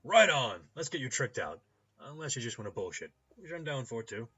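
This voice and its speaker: A rowdy, cheerful male cyber-doctor with a loose Midwestern drawl and a hangover, played by a man. His voice is pushed high and loud, full of jokes. The recording is a little lo-fi. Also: big pitch swings, a little fast, breathy edge, heavily acted. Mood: boisterous. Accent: loose Midwestern American. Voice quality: shouty, boisterous, jokey. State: hungover.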